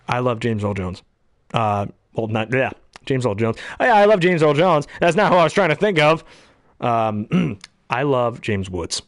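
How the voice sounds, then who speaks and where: A man with an expressive mid-range voice speaks at a measured pace with long pauses, recorded cleanly in a studio without echo. As a hobby voice actor, he chats loosely about his favorite voices between impressions, full of ums and throat-clearing.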